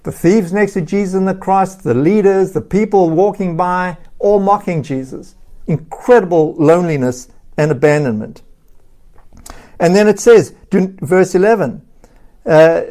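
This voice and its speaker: A Bible teacher reading scripture slowly and deliberately, stopping for emphatic asides and sometimes repeating words. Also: medium pitch, dark tone. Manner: repeats words and restarts phrases.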